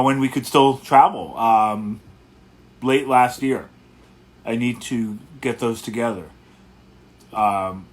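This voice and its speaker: A man hosting a casual livestream as a guitarist, talking in a relaxed, rambling way and greeting viewers one by one. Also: medium pitch, breathy edge.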